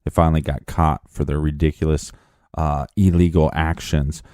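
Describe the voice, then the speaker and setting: A man's voice: a bass voice, level tone, normal speed, mellow, dry recording, clean studio sound. A man co-hosting a true crime podcast, reacting with blunt, indignant commentary. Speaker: podcast co-host.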